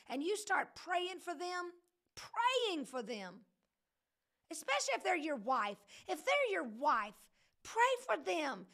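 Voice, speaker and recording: A woman's voice: extremely high pitch, big pitch swings, slow, a bit bright. A woman leading a casual livestream Bible study, preaching in a chatty, joking way that keeps wandering off into digressions.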